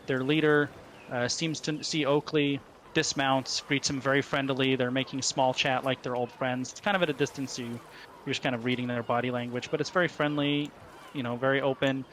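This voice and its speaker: Halting male game master. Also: mid-range voice, level tone, a bit bright, a little hiss or hum. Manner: halting, many ums and pauses. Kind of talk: narrating a tabletop game.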